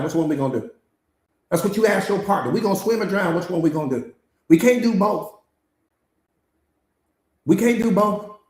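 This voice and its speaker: This man has a high voice with a darkish tone. Teaching a live-streamed motivational master class on mindset, he speaks emphatically and repetitively, uses slang, and keeps asking rhetorical questions in an echoey room.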